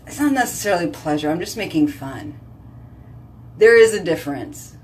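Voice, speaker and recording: A woman's voice: low voice, a little mellow, a little hiss or hum. A woman, chatting casually in a vlog, sassy and joking as she rambles. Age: 30s. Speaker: vlogger.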